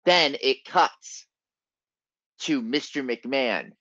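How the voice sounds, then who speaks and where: A man's voice: mid-range voice, animated, slow pace, bright, forceful tone, dry recording. A man co-hosting a podcast in casual chat, a laid-back storyteller. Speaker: podcast co-host. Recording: dull, dry sound.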